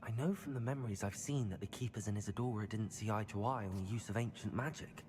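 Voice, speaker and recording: A man's voice: on the low side, quick pace, big-room sound, background noise, close to an everyday voice. A man voicing a wry young wizard student. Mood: curious. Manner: dry, understated remarks. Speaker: player character. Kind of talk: video game dialogue. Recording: game audio under loud music.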